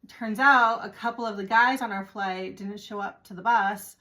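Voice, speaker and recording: A woman's voice: medium pitch, moderate pace, pushed and bright. A woman vlogger from the United States, chatting to the camera as she retells a travel mishap, exasperated and acting out the people involved. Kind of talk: casual storytelling to camera.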